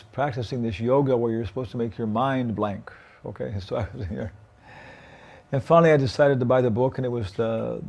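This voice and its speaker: A man with a gravelly, mellow voice casually recounts how he came to something years ago. He often checks in with the listener as he talks. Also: medium pitch. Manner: gravelly, checks in with "okay?" and "yeah?". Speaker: interviewee recalling the past. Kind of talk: casual recollection.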